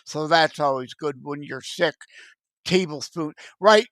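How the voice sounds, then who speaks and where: A man co-hosting a casual podcast, easygoing and quick to laugh. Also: a little high, a bit bright, dry recording. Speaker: co-host.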